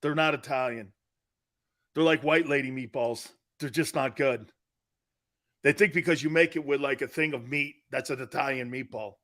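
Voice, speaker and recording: Animated man ranting on sports talk. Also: mid-range voice, normal speed. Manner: loud, animated, bantering rants. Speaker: sports talk show host.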